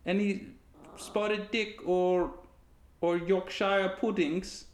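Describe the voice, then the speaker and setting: A man's voice: sits high, level tone, extremely slow, reverberant, pitched above the performer's own voice. A man voicing a fussy British man craving crumpets and puddings, in a put-on British accent, drawling and demanding.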